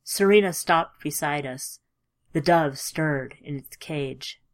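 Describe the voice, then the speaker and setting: A woman reading a first-person story aloud in a measured, emotive way, dropping at times to a hush. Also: deep voice. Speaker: audiobook narrator. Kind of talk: scripted audiobook narration.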